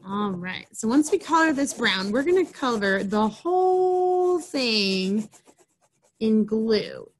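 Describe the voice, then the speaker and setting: A woman with a fairly high voice leads a children's program, reading a storybook and explaining a craft step by step. Her delivery is chatty and instructive, pitched at young listeners. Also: lively intonation, slow.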